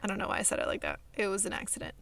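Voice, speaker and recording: A woman's voice: medium pitch, wildly swooping pitch, rapid-fire, gravelly, very noisy. A young woman from California co-hosting a podcast, chatting casually with lots of fillers and laughs. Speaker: podcast co-host. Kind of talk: casual chat.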